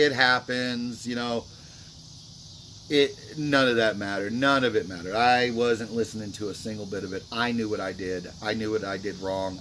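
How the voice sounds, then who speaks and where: A man's voice: on the low side, background noise. A man vlogging about a mistake at a dice table, talking in a remorseful, rambling way full of fillers. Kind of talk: casual talk to camera.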